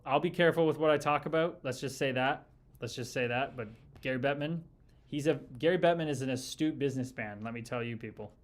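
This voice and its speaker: A man in his early thirties hosting a livestream, reading chat and talking casually, swearing often and calling everyone brother. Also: medium pitch. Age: early 30s. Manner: profane, loose and enthusiastic, calls people brother. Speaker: podcast host reading live chat.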